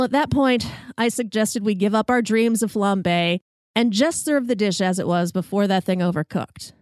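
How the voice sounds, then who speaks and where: A woman's voice: mid-range voice, no room sound. Woman host spinning a comic kitchen tale, self-mocking and wry, dry close mic. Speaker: podcast host. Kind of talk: comic personal storytelling.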